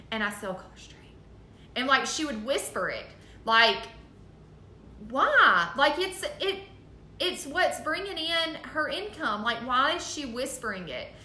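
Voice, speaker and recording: A woman's voice: fairly high pitch, sharp tone. A woman giving a casual, earnest motivational talk to her sales team, full of ums and likes. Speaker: direct sales team leader. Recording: echoey room.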